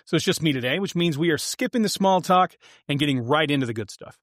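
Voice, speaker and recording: A man's voice: on the high side, animated, fast, fairly bright tone, no room sound, clean studio sound. A man hosting a podcast alone, delivering sarcastic, punchy and theatrical comedic commentary. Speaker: podcast host.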